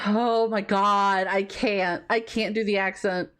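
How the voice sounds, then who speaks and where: A woman's voice: mid-range voice, fairly even intonation, takes it slowly, few pauses, a bit bright, smooth. A woman streamer chatting casually while she plays a game, who swears and often trails off mid-thought. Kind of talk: casual gameplay stream chat.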